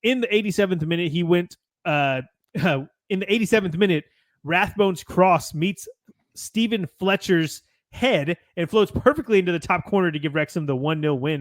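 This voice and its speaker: An American man hosts a podcast and runs through match results from his notes. He talks in a chatty way and often corrects himself, in a slightly high voice. The mic is close and dry. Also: no room sound. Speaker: podcast host. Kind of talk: reading a match recap with casual asides.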